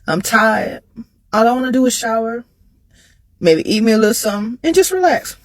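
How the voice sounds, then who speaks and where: High-pitched woman, casual animated vlogger, dry close recording. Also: normal speed, dry recording. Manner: animated, laughs between phrases; jumps high in pitch when emphatic. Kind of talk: casual chat to camera.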